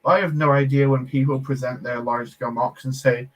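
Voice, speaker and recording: A man's voice: medium pitch, lively intonation, fairly quick, few pauses. A man hosting a casual live stream while building, chatting, reading comments aloud and laughing often. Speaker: Lego streamer.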